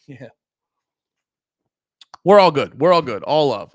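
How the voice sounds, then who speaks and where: A man's voice: a little high, lively intonation, takes it slowly, pauses often, no room sound, clean studio sound. A man from Pennsylvania, a comedian hosting a livestream, talking to his chat in a profane, rambling, heated way. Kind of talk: casual livestream talk to chat.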